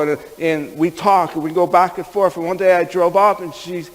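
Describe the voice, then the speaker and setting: A man's voice: high voice, steady tone, moderate pace, hardly any pauses, in a large hall, low-quality recording. A man preaching a sermon, telling stories in a folksy, conversational way and speaking directly to the men in the room. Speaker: pastor. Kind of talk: sermon storytelling.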